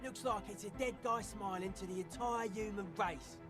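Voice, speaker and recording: A man's voice: high-pitched, normal speed, close to an everyday voice. An actor playing a brooding young male hardcore music fan in a video game, speaking in a solemn, cryptic way over game music.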